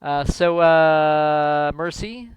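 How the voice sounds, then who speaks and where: A man's voice: a little high, very slow, smooth, no echo, muffled recording. A man acting as game master, chatting casually and narrating a tabletop game in a rambling, self-deprecating way.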